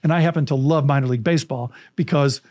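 A middle-aged man telling anecdotes as a podcast guest, lively, acting out quoted lines and laughing often. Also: mid-range voice, fast talker. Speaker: storytelling coach, podcast guest. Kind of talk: animated anecdotal storytelling.

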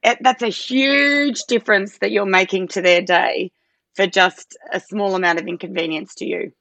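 A woman's voice: mid-range voice, steady tone, moderate pace, gravelly, fairly bright tone, no room sound. A woman in her thirties, a guest on an interview podcast, explaining things earnestly with many "you know"s and "I suppose"s. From Australia. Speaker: podcast guest, parent advocate. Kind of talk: casual interview talk.

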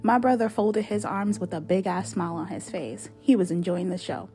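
A woman's voice: medium pitch, fairly even intonation, moderate pace, mellow, soft background music. A woman narrating a fictional journal in a chatty, sassy, confiding way. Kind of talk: dramatic reading of a fictional journal.

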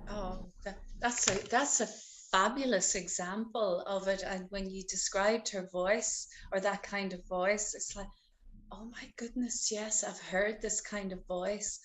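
A woman's voice: mid-range voice, fairly even intonation, a little slow, fairly bright tone. A woman hosting a podcast who talks reflectively, often repeating words as she gathers her thoughts. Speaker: podcast host. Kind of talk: casual podcast conversation.

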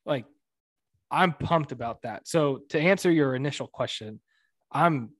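A man's voice: mid-range voice, a little slow, a bit bright, dry recording. A man co-hosting a casual sports podcast, talking in an upbeat, emphatic way. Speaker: podcast co-host.

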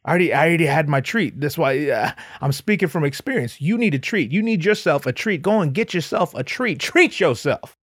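A man's voice: on the high side, lively intonation, brisk, few pauses, no echo, clean studio sound. A man doing a stir-crazy artist husband. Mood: coaxing. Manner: pushy, profane, wheedling.

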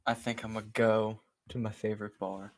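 A man speaking in character as a player, with a flat, drawled delivery. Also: fairly low pitch, moderate pace. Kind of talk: in-character role-play. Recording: guitar music behind.

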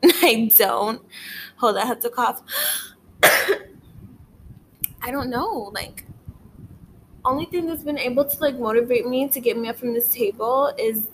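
Rambling young woman vlogger, high voice. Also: a little slow, long pauses, background noise. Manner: rambling, swearing often, lots of "like" fillers. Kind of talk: casual rambling chat to camera. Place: living room at home, indoors.

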